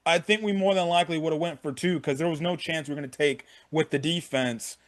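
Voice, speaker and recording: High-voiced man ranting about a game. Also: steady tone, fast talker. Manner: frank, profane, repeats himself. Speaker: sports fan vlogger. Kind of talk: casual game recap rant.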